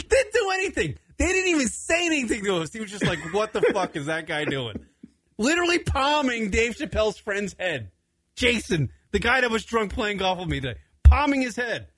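A man's voice: very high voice, brisk, no echo. A young adult man hosting a radio talk show, telling a long story casually, swearing freely and laughing as he goes. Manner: animated, swearing often, laughing through the story.

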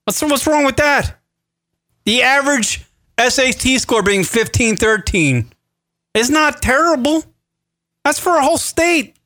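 A man's voice: very high-pitched, animated, unhurried, pauses often. A man hosting a radio talk show, cursing and laughing as he rants in crude, casual banter. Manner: profane, laughing, rants loudly.

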